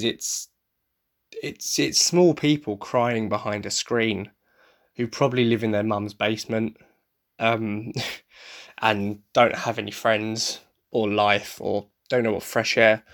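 A young man from the UK, a podcast host, tired and talking in a casual, rambling, frank way, swearing freely and laughing often. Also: mid-range voice. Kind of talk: casual solo chat.

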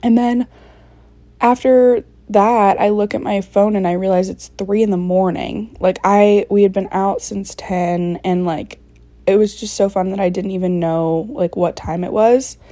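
A woman in her early twenties hosting a podcast. She tells a story in a chatty, excitable way and fills her talk with lots of "like". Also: mid-range voice, a little slow, no echo. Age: early 20s. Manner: chatty, filler-heavy, excitable. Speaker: podcast host. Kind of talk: casual storytelling recap.

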